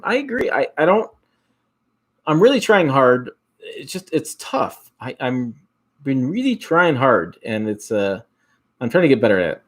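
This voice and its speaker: A man's voice: mid-range voice, sing-song, a little slow. A man from Michigan with an Upper Midwest accent hosting a casual livestream, reading out viewer comments in a rambling way with frequent restarts. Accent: Upper Midwest American. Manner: rambling, repeats and restarts words, chuckles often. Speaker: host.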